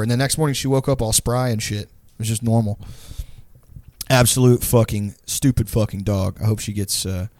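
A young man spins a rambling story in an easy, unfiltered way, swearing constantly as he goes. His voice sits at a middling pitch. The sound is dry and close, with no room around it. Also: no echo. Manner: profane, rambling, animated storytelling. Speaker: storyteller in a group chat. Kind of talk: casual chat.

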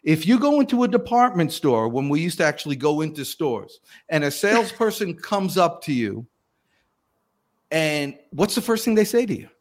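A man's voice: on the high side, normal speed. A man, a sales coach talking animatedly and acting out phone calls in a guest interview. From Southern United States. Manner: lively, acts out phone calls in different voices.

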